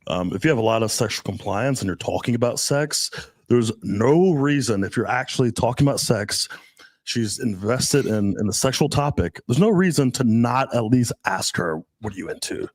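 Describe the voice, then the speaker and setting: A man's voice: medium pitch, lively intonation, normal speed, darkish tone. A man with a mid-range voice co-hosts a casual advice chat, thinking aloud and hedging his points as he goes. The recording is dry and close, with no reverb. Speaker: dating coach co-host.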